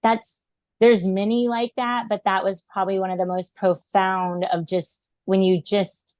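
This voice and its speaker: A woman's voice: mid-range voice, flat delivery, measured pace, darkish tone, dry recording. A woman in her thirties, a podcast guest, telling personal stories in an earnest, reflective way, with lots of "um" and "like" fillers. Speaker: podcast guest, animal intuitive. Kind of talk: casual storytelling interview.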